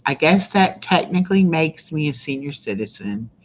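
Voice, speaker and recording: A woman's voice: deep voice, big pitch swings, moderate pace, dull audio, slight background noise. A woman in her sixties, hosting a casual live-stream chat, talking in a rambling way with lots of "you know" and "um". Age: 60s. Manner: chatty, rambling with many fillers. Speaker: livestream host.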